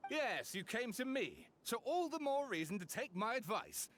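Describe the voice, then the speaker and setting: An eager, high-voiced young writer. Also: male voice, very animated, normal speed, a bit bright, slight background noise, heavily acted. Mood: persuasive. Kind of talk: video game dialogue.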